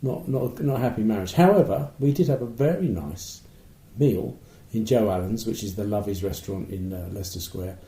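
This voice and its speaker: An older man with a London accent chats on a podcast, telling meandering stories with many restarts and deadpan asides. His voice has a very dark, mellow tone. The sound carries a roomy echo. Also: lowish voice, brisk, few pauses. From London, England. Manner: chatty storyteller with many restarts and dry asides. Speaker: podcast co-host. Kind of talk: casual chat.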